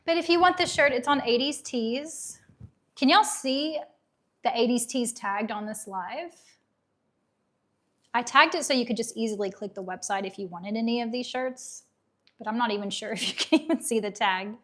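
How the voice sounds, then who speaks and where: A woman with a light Southern accent and a somewhat high voice chats through a livestream. She keeps things upbeat and easygoing, laughing easily as she reads out viewer comments. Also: normal speed, fairly bright tone. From Tennessee, USA. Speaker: livestream host. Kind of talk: casual livestream chat.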